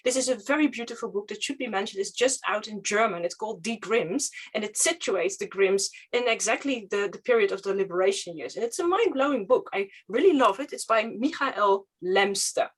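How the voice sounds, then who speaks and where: A woman historian whose first language is Dutch, talking casually on a panel and often pausing with fillers to search for words. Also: medium pitch, expressive. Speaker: historian guest.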